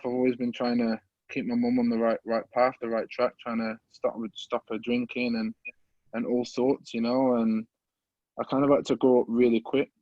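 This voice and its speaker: A man's voice: medium pitch, no echo, muffled recording. Earnest man telling his story. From English Midlands. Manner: earnest, halting, open and emotional. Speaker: podcast guest. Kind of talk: personal life story in an interview.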